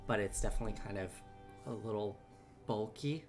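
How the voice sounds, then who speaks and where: A woman narrating a tabletop game as game master, halting with many fillers and restarts. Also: a bass voice, darkish tone. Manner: halting, full of ums and restarts. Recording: music bed behind.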